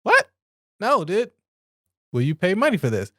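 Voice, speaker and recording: A man's voice: huge pitch swings, measured pace, a bit bright, no echo, clean studio sound. Ranting casual podcast host, a man. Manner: casual, ranty, swears, bursts of high-pitched exasperation; reads aloud and comments with asides. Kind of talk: solo podcast monologue.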